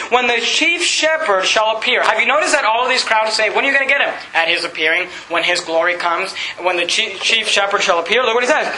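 A man preaching a sermon as a pastor, fervent and rising to shouts at times. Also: sits high, roomy sound, a little hiss or hum, poor audio. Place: church sanctuary.

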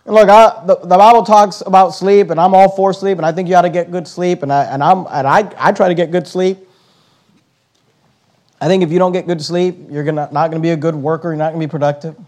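A man delivers a sermon in a high voice. He slows down hard on the words he wants to land and circles back on his phrases with emphatic repetition. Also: fairly even intonation, darkish tone. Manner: emphatic, slows on key words, repeats himself. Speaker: pastor.

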